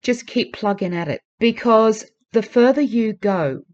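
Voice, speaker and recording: A woman's voice: a little high, measured pace, darkish tone, lo-fi sound. A woman vlogging to camera, earnest and urging, repeating her pleas for emphasis. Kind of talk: casual talk to camera.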